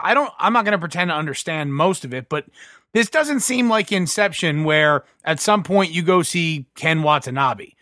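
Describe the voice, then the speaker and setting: Nitpicking podcast co-host, bright voice. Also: male voice, fairly high pitch, dry recording, studio quality. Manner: argumentative, picky about logic. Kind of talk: casual chat.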